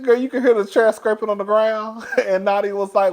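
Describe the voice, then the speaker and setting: A man with a high-sitting, slightly mellow voice talks at a normal speed with fairly even intonation and barely pauses. He's a show reviewer chatting casually, dishing gossip in a recap, calling listeners "girl" and often laughing.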